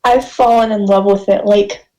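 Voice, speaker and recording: A woman's voice: mid-range voice, steady tone, normal speed, warm tone, rough recording. A woman co-hosting a podcast in casual chat, giggly and self-deprecating, speaking over a home microphone on an online call. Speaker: podcast co-host.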